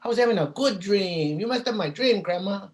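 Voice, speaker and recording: A whiny little boy pleads and complains in a high, pinched voice, as a man puts him on while telling a story. His questions come one after another, nagging and put-upon. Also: animated, fairly quick.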